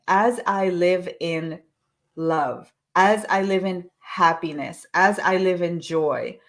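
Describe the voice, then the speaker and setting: A woman leading a live online coaching session, encouraging listeners and reciting affirmations slowly and deliberately. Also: on the low side. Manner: encouraging, with frequent restarts.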